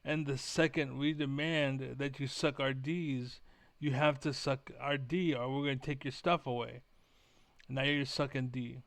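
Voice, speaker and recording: A man's voice: medium pitch, steady tone, a little slow, gravelly, no room sound. A young man ranting profanely to camera as a gaming vlogger, repeating himself as he vents. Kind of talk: angry rant to camera.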